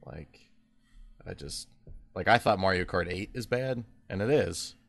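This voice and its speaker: Pria santai yang bicara penuh opini. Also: male voice, deep voice, lively intonation, unhurried, vocal fry. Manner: opinionated, rambling with many fillers. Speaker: podcast co-host. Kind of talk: casual chat.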